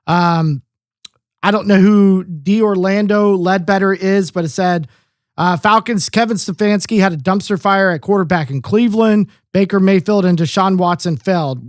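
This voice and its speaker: A man's voice: high-pitched, no echo, clean studio sound. A man co-hosting a sports podcast, talking casually with lots of swearing and filler words. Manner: profane, rambling, lots of fillers. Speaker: podcast co-host.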